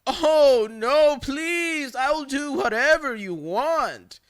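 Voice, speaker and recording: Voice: high voice, expressive, very slow, voice pushed up, heavily acted. A storyteller voicing an office worker who fakes crying and begs not to be hurt. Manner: whimpering, pleading, fake sobbing. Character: fake-crying, begging office worker, mock pleading.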